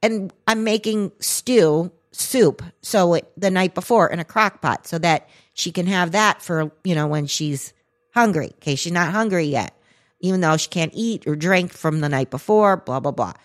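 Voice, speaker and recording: A woman in her forties, a podcast co-host, telling a story in casual chat and acting out the quotes. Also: moderate pace. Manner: animated, acts out quotes with big pitch jumps.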